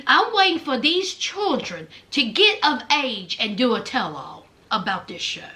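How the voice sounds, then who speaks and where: A woman's voice: high voice, measured pace. A woman, chatting casually through a recap of a reality TV episode, dramatic and talking straight to her viewers. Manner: animated, dramatic, addresses viewers as y'all.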